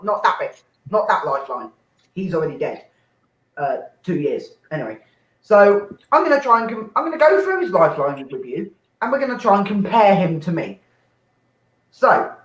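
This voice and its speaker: A young adult man with a high voice hosts and performs a rambling, sweary stand-up set from his flat for an online open mic. He interrupts himself and breaks into sudden shouting bursts, and his home mic sounds echoey, dull and lo-fi.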